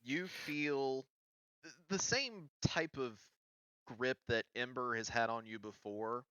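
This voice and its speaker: Slow, bright-voiced male game master. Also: medium pitch, clear, resonant tone, no room sound, lo-fi sound. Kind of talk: narrating a tabletop game.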